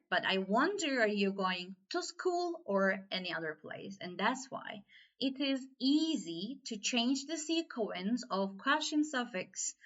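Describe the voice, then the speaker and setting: Woman teacher, native Turkish speaker, higher voice, very slow deliberate delivery, dull lo-fi recording. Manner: slow, careful explaining with repeated examples. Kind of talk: online language lesson.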